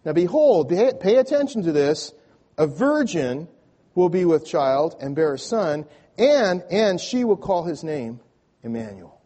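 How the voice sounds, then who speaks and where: A man's voice: fairly high pitch, sing-song, unhurried, dark tone. A male pastor delivering a sermon, restarting phrases with repeated words and leading the congregation to speak lines back.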